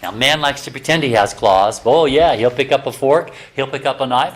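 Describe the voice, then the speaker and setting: Animated man lecturing a class. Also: mid-range voice, fairly quick, few pauses. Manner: animated, teasing, full of rhetorical questions to the audience. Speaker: health lecturer. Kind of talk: lively classroom health lecture. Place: talking to a live class of students.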